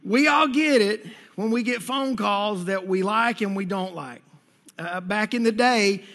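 A middle-aged man delivers a sermon as a church pastor, mixing scripture with funny stories. He talks with a high, bright voice, stammers on his restarts, and acts out the people he quotes. The long reverb of a church hall trails behind every word. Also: unhurried. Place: church sanctuary.

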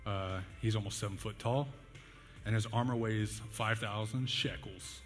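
A young man delivers a casual sermon in a fairly low, steady voice at a measured pace, telling stories in a conversational, jokey, self-deprecating way full of fillers and laughs. The recording carries a long hall reverb with faint music in the background.

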